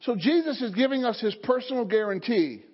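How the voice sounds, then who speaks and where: Male pastor, very high pitch, call-and-response sermon, dull lo-fi sound with lingering church echo. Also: lively intonation, fairly quick, husky. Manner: call-and-response preaching, rising to fervent emphasis. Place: church sanctuary. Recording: dull sound, long hall reverb.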